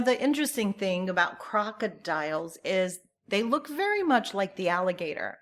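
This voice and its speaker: A woman from the United States teaching English through a poem, speaking slowly and clearly and encouraging learners to repeat after her. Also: mid-range voice, big pitch swings, fairly bright tone. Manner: slow, clear and encouraging, modelling pronunciation.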